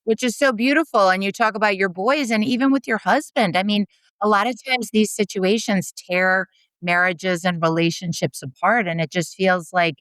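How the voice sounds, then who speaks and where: A woman's voice: medium pitch, normal speed, a bit bright, dry recording. A woman co-hosting a podcast interview, speaking in a heartfelt, emotional way. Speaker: podcast co-host.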